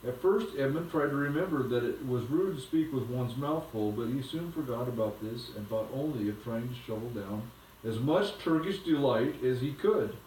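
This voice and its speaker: A man's voice: medium pitch, lively intonation, normal speed, darkish tone, recorded from a distance, slight background noise. Man reading a bedtime story in an echoey room.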